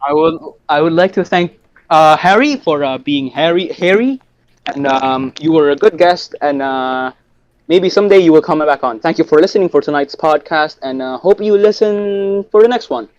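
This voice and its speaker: Higher-voiced young man thanking listeners. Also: clear, resonant tone, lo-fi sound. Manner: halting, filler-heavy thanks. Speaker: podcast co-host. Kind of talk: casual chat, listener shout-outs.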